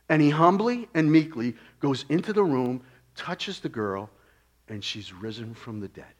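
Dramatic preacher swinging from loud to hushed. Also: male voice, on the high side, very animated, measured pace. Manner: conversational, with rhetorical questions to the listeners. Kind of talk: sermon.

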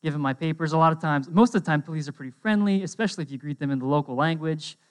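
A young man preaching a casual sermon, conversational and animated, often checking in with his listeners. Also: fairly high pitch, racing. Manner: conversational, lots of "um" and "right?"; animated storytelling.

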